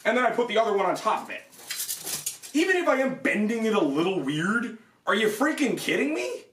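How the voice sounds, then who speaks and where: A young man reviewing a product and ranting in exasperation, his voice jumping high in disbelief as he swears. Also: very animated, fast talker, a bit bright, reverberant, far from the mic. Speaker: armor reviewer.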